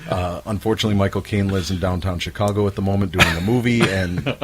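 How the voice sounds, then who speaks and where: A man's voice: deep voice, fairly even intonation, fast talker, over music. A man hosting a podcast, joking and narrating comic bits in casual chat. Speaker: podcast host.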